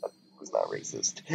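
His voice is on the low side, darkish, with vocal fry. While playing a game, he reads its lines aloud and tosses out jokey, offhand remarks and muttered asides; the recording is dull and lo-fi, with faint game music behind him.

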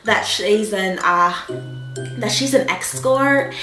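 A woman doing a low, mumbling gossip. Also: takes it slowly, reverberant, over music, natural voice. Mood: gossipy.

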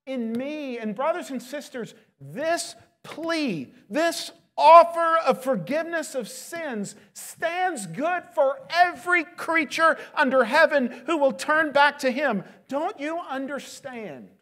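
A man's voice: extremely high pitch, animated, slow pace, hardly any pauses, fairly bright tone. A male pastor preaching a sermon, earnest and emphatic, pleading with his listeners. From United States.

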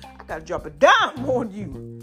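A woman hosting her own podcast, talking in an animated, drawn-out style full of "baby" and "y'all", her voice a little strained from allergies. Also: a little high, soft background music. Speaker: podcast host. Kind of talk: solo podcast talk.

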